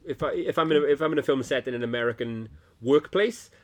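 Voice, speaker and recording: A man's voice: mid-range voice, quick pace. Dry, sardonic British man. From Britain. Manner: dry, sardonic, swears casually. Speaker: podcast co-host. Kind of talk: casual chat.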